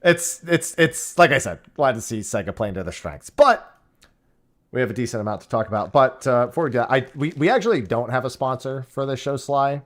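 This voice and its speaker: A man's voice: mid-range voice, lively intonation, a little fast. A man hosting a casual gaming podcast, talking in a rambling, self-interrupting, joking way. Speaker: podcast host.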